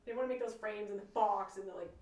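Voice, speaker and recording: A Canadian woman telling stories in a casual round-table chat, acting out her own quotes with lively energy. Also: medium pitch, quick pace. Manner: animated storyteller, acts out her own quotes. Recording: echoey room, mic at a distance.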